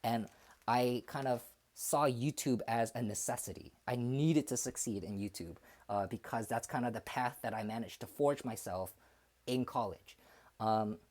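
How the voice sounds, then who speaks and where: Brief: man in his twenties, casual stream chat, mid-pitched, halting and self-searching, lots of ums. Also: a little mellow. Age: 20s. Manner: hesitant and reflective, many fillers and restarts.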